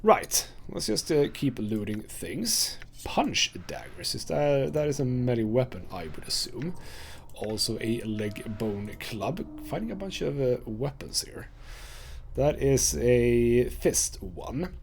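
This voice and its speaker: A man's voice: mid-range voice, animated, slow, creaky, slight background noise. A man hosting a let's play, casually commenting on gameplay and thinking aloud with frequent fillers.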